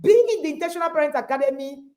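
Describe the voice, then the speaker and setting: A woman hosting a parenting livestream, exuberant and animated, laughing often. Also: high voice, racing. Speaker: host and parenting coach. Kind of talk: livestream interview.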